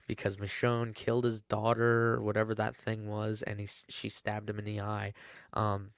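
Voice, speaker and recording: A man's voice: lowish voice, little pitch movement, normal speed, no room sound, studio quality. A man giving a rambling, casual episode recap, full of fillers and self-corrections. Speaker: TV episode reviewer.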